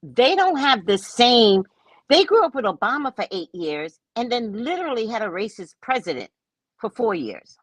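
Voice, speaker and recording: Husky, animated woman telling a story. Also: moderate pace, no echo. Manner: animated, mocking, laughs often, voice leaps high when exasperated. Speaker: podcast host. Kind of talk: casual storytelling chat.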